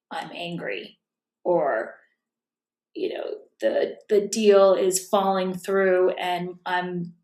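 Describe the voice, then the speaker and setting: Woman self-help speaker, thoughtful and casual, with a touch of vocal fry, recorded in a roomy, echoey space at home. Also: fairly low pitch, darkish tone. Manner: thoughtful, self-correcting, drops to a whisper at times. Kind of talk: casual reflective talk. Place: room at home.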